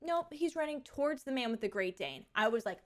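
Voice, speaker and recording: A woman's voice: sits high, a little fast. Chatty young woman streamer. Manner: chatty storytelling, animated quoted asides. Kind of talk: casual chat.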